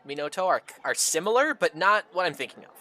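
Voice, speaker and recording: Animated male game streamer. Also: fairly high pitch, fast talker. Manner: rambling, laughs a lot, mocks the dialogue. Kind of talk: casual live game commentary.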